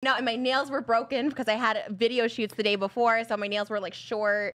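Woman guest, quick, fairly high voice, excitable and gushy. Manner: excitable, gushing, lots of "like". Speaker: podcast guest. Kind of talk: casual chat.

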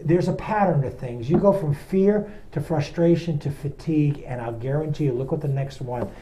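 A man, a pastor, leading a Bible study in a loose, animated teaching style and asking a helper to read verses aloud. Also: on the high side, moderate pace, dull audio, slight background noise. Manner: animated, talks straight to listeners and asks a helper to read verses.

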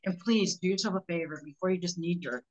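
A woman, a sales trainer, talking as a guest in an interview, animated and telling stories with quick voices for the people in them. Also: on the low side, highs cut off. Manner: animated, acts out customers in character voices. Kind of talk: podcast interview storytelling.

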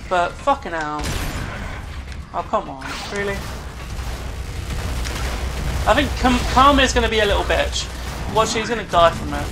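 A gamer with an expressive mid-range voice gives live commentary on their own play at normal speed, often groaning and swearing at opponents on screen. Game music and other background noise sit beneath the voice.

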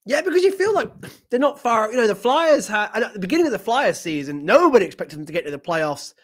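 A man's voice: sits high, sing-song, quick pace. A man hosting a casual sports podcast interview, enthusiastic and agreeable, often laughing. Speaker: podcast host.

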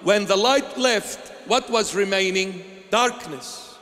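A male bishop preaching a sermon, asking rhetorical questions and answering them himself in a slow, emphatic delivery. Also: high-pitched, a bit bright, big-room sound.

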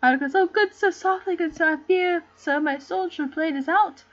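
Lady doing a sneaky thief guy who whines and begs, high voice, kinda muffled audio. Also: moderate pace, fairly bright tone. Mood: pleading. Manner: whining pleas, then sly asides. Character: sly thieving male rogue peddler, wheedling. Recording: dull lo-fi recording.

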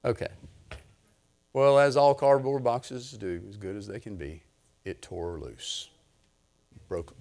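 An older man, preaching a sermon through a lively personal story, swinging from low murmurs to loud excited bursts. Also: moderate pace. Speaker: pastor.

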